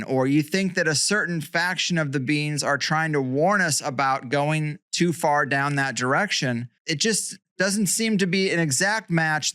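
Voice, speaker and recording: A man's voice: a little high, bright, forceful tone, clear, resonant tone, no echo. Male podcast host, probing, thinks aloud, dry close-miked sound. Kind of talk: conversational podcast interview.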